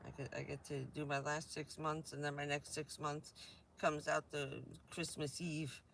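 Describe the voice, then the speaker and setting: A woman's voice: low voice, flat delivery, moderate pace, creaky, a bit bright, a little hiss or hum. A woman from New Jersey chatting casually on a vanlife live stream, rambling and laughing often.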